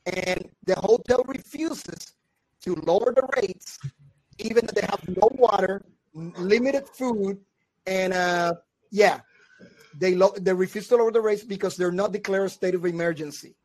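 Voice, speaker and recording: A podcast co-host tells a wild story in casual chat, laughing often and acting out the quoted voices. His voice sits high and moves at a normal speed.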